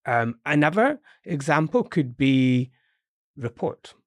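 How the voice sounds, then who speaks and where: A man's voice: on the high side, animated, moderate pace, no echo. A man with a British accent teaching English in a podcast lesson, explaining patiently and encouragingly with frequent fillers.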